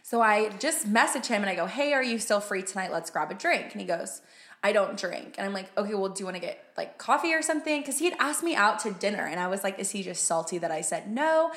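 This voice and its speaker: A woman's voice: mid-range voice, lively intonation, quick pace, hardly any pauses, a bit bright. Chatty young woman in a roomy space. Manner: storytelling with frequent "like" and casual swearing. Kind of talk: casual chat. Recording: roomy echo.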